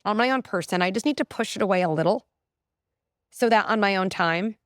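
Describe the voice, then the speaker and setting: A middle-aged woman, a clinical psychologist, talking in an animated, explanatory way as a podcast guest. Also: mid-range voice, brisk, no room sound, studio quality. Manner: animated, explanatory, frequent "like" and "right?". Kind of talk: conversational interview.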